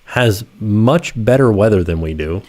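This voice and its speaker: A man's voice: lowish voice, lively intonation, measured pace, darkish tone. A man co-hosting a live stream, chatting casually and often trailing off and restarting his sentences. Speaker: co-host.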